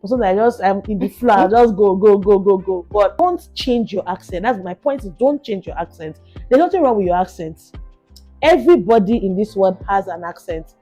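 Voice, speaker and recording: Fast-talking Nigerian woman co-host. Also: mid-range voice, faint music behind. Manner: fast-talking, animated, repeats herself. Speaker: podcast co-host. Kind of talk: casual chat.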